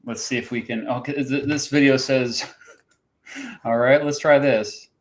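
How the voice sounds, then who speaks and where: A man's voice: medium pitch, steady tone, measured pace. A man hosting a casual livestream chat, talking in a chatty, hesitant way and laughing often. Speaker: host.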